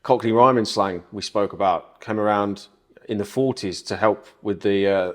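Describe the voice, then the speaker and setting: A man with a southern English accent chats casually on a podcast. His voice sits on the low side. He talks thoughtfully, with plenty of filler words and restarts. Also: normal speed. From southern England. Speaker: podcast co-host.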